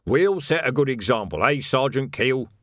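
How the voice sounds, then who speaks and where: A man voices a sly, corrupt male sergeant who comes across as falsely earnest and smug. His medium-pitched, animated delivery is at normal speed, pitched above his own voice yet close to an everyday one. The recording is clean studio sound with no room sound.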